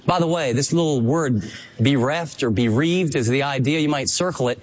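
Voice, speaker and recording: A man's voice: mid-range voice, moderate pace. A man preaching a sermon as pastor, earnest and emphatic, acting out quoted dialogue.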